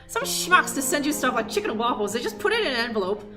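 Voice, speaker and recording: A young woman live-streaming a game with a fairly high voice, rambling along and cursing between half-finished thoughts. Game music plays clearly behind her. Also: big pitch swings, quick pace. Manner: rambling, profane, self-interrupting.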